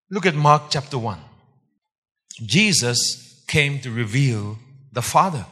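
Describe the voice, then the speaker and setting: A man preaching a sermon, emphatic, repeating phrases and swinging loud for stress. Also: on the high side, breathy edge, long reverb tail.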